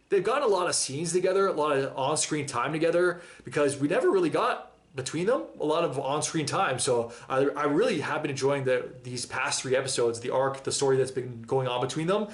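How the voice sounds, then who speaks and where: A man giving a casual, enthusiastic and emotional reaction monologue about a TV episode, using slang and nearly choking up. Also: medium pitch. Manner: enthusiastic, emotional, slangy, breaks down near tears. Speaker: reaction channel host.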